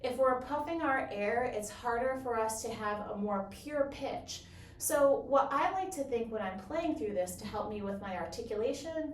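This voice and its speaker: Woman, bassoon teacher, higher voice, methodical and encouraging, roomy echo. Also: distant mic, slight background noise. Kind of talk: instructional explanation.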